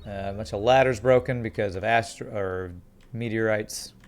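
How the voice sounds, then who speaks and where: An American man giving relaxed, chatty commentary while playing a game and reading his chat aloud. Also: on the low side, normal speed. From United States. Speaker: game streamer. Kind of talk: casual gameplay commentary. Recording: faint music behind.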